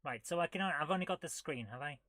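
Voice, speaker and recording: Bright-voiced woman chatting over gameplay. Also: deep voice, quick pace, no echo. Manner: chatty, thinks aloud, amused disbelief. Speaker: retro gaming streamer. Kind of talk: casual live gameplay commentary.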